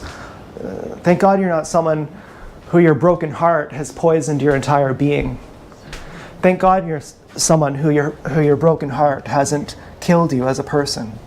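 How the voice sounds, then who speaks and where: A man livestreams from an action camera, venting bitterly and contemptuously and repeating himself again and again. He's a vlogger whose voice is a little high and darkish in tone, with a little hiss or hum audible.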